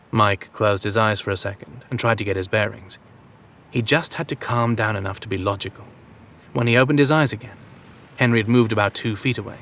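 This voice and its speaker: A man's voice: on the low side, brisk, a bit bright. Man narrating a story steadily. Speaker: audiobook narrator. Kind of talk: scripted narration.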